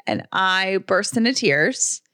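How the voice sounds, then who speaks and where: A woman's voice: mid-range voice, takes it slowly, dry recording. Young woman co-host, bubbly and gushing, dry studio sound. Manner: gushing, excitable storytelling. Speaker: podcast co-host. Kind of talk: casual chat.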